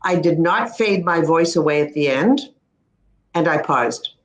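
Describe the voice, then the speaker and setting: This speech-language pathologist, a middle-aged Canadian woman, has a deep, expressive voice. She crisply instructs on pronunciation, modeling words slowly and carefully, and the room adds a noticeable echo.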